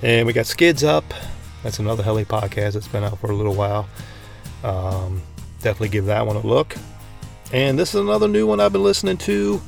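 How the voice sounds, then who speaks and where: A man's voice: fairly low pitch, brisk, gravelly, soft background music. A man hosting a casual solo podcast from inside his parked truck, rambling and laid-back with lots of fillers. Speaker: podcast host.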